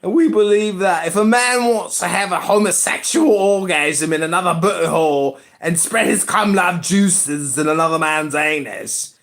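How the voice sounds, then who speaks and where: A man voicing a gruff, weary Australian man delivering a mock public-service ad. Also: normal speed, hardly any pauses, fairly bright tone. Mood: mock-serious. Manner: low, sighing, mock-serious pitch.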